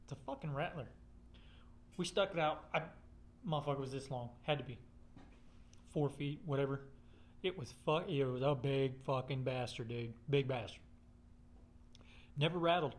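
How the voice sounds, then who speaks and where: A man's voice: mid-range voice, moderate pace, long pauses. A man telling a rambling personal story in casual, profane, blunt speech.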